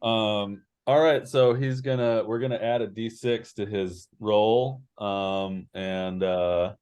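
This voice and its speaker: Man, game master, lowish voice, meandering narration, lots of fillers. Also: steady tone, slow pace, darkish tone, clear, resonant tone, muffled recording.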